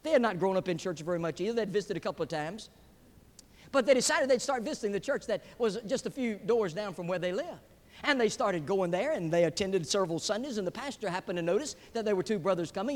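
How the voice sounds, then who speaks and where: A man preaches in a large hall before a live audience. His voice sits very high and moves a great deal in pitch. Long reverb trails behind every phrase. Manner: emphatic, swinging between loud peaks and hushed drops. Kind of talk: sermon.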